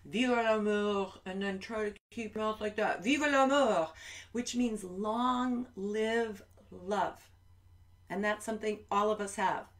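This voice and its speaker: A woman's voice: mid-range voice, steady tone, unhurried. A woman children's musician chatting between songs on a live stream from home, rambling and talking straight to parents and kids.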